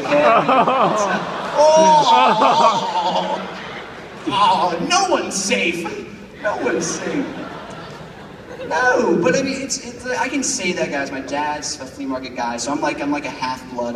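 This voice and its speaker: A young man performing a stand-up comedy set before a big crowd, animated and bursting into shrill shouted voices for his bits. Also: noisy background. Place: large campus auditorium before a crowd. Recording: echoey hall recorded from far off. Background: audience laughter.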